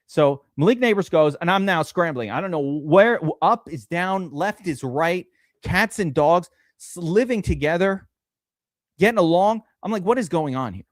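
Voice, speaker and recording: A man hosting a live-stream fantasy draft, talking in an excitable, rambling way and swearing often. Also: sits high, unhurried, no echo, clean studio sound. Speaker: streamer host.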